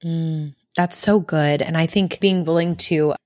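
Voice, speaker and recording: Deep-voiced woman hosting a podcast, soft and affirming, asks thoughtful questions. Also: fairly even intonation, unhurried. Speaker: podcast host. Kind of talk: conversational interview.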